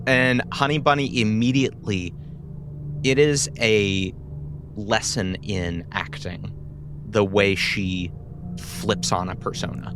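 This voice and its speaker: Slow-narrating male game master. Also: fairly low pitch, music in the background.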